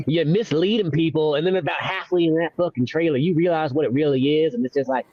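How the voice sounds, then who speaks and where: Profane man with slightly high voice. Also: fast, few pauses, darkish tone. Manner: profane, laid-back storytelling. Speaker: podcast host. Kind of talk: casual chat. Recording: dull dry recording.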